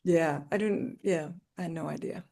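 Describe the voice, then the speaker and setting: A woman's voice: low voice, normal speed, creaky, warm tone. A middle-aged woman, a guest actor, telling stories in an easygoing, chatty way over a video call. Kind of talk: casual podcast chat.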